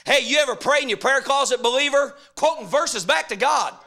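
High, bright-voiced preacher man. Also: brisk. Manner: animated, humorous, acting out characters. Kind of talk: sermon.

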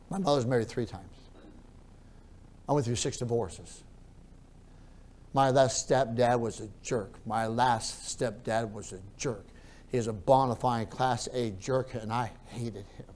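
A male pastor preaching a sermon, repeating his phrases and moving between quiet storytelling and loud, raised preaching. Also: medium pitch, measured pace, long pauses.

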